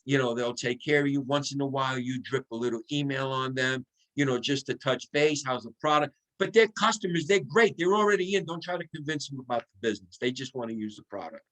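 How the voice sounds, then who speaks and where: A man giving an excitable, coaching sales training talk over a video call, acting out sample phone calls as he goes. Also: mid-range voice, fairly quick, hardly any pauses, low-quality recording. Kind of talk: motivational team training talk.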